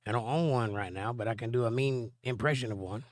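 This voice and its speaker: Speaking at a quick pace in a mid-range voice, this man is hoarse with laryngitis as he runs a live stream. He reads out viewers' comments and responds with lengthy Bible teaching in a relaxed chat style. There's no room sound.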